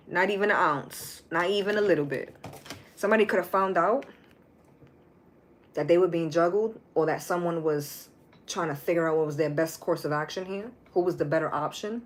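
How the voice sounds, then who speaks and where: Blunt, profane woman reading tarot. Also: fairly low pitch. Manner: blunt, profane, animated, repeats phrases. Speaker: tarot reader. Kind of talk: casual live tarot reading.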